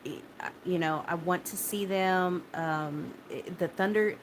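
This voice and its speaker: A woman with a somewhat low voice talks straight to her viewers, shaken but steadying herself. She restarts her sentences often and swears bluntly. A faint hiss sits behind her. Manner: halting and repetitive, many restarts and fillers, blunt swearing. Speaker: vlogger recounting a personal ordeal. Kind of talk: casual spoken personal story.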